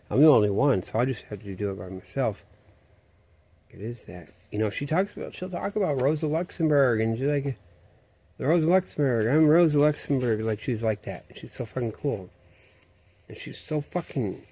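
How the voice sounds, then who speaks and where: A man's voice: lowish voice, gravelly, a little mellow, slightly rough. A man rambling through a profane, meandering, conspiratorial monologue.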